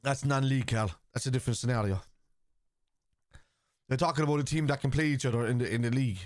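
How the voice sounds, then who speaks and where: An Irish man hosting a live football watchalong, bluntly arguing with his chat, swearing freely and shouting at chances. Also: medium pitch, fast, dry recording, clean studio sound. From Ireland.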